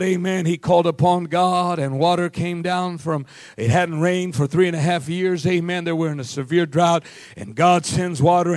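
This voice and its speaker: A man preaching a sermon in a very high voice, driving his points home with shouts and repeated amens. The sound is dry and close, with no room echo. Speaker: pastor.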